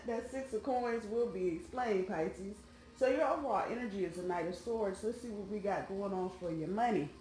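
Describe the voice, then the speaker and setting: Chatting informally with viewers as the cards are laid out, this tarot reader has a medium-pitched, darkish voice. Slight background noise, a roomy acoustic and soft background music are present.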